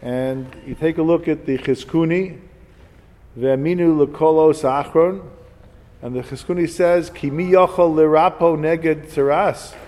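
A man's voice: a little high, fairly even intonation, a little slow, darkish tone, big-room sound. A man giving an informal Torah class, reading Hebrew commentaries and explaining them in English with chatty personal stories. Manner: reads Hebrew sources then explains in English; chatty asides and personal anecdotes. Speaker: Torah teacher.

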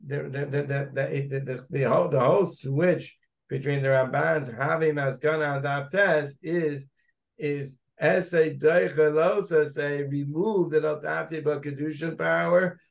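A man's voice: a little high, moderate pace, vocal fry. A man, a rabbi, teaching a Talmud class, thinking aloud as he searches through the text and digresses.

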